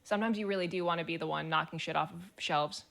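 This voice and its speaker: A woman's voice: lowish voice, fairly even intonation, quick pace, gravelly, fairly bright tone. A woman streamer chatting casually and reading forum posts aloud, blunt, swearing freely and laughing as she talks.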